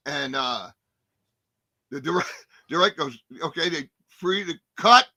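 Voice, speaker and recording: A man in his sixties telling lively showbiz stories as a guest, swearing freely and acting out the scenes. His voice is bright and forceful and sits a bit high for a man. The sound is dry and close. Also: slow pace, dry recording. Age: 60s. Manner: animated, profane, acts out scenes. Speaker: actor and guest. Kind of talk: casual storytelling interview.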